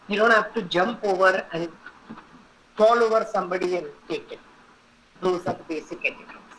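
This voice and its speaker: A woman's voice: medium pitch, normal speed, pushed and bright, slight background noise, poor audio. Woman teaching table manners. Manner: instructive, repeats points and checks with "okay?". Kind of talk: online etiquette class.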